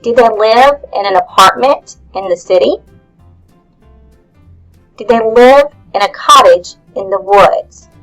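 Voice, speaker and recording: A woman's voice: mid-range voice, takes it slowly, long pauses, a bit bright, soft background music, rough recording. A woman teacher leading young children through questions about a story, in a patient, questioning way. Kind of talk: guided lesson for young children.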